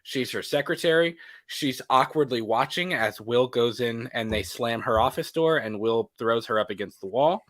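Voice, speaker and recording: A man co-hosting a casual movie podcast, laughing often and acting out scenes in quick voices. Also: medium pitch, fairly bright tone. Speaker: podcast co-host.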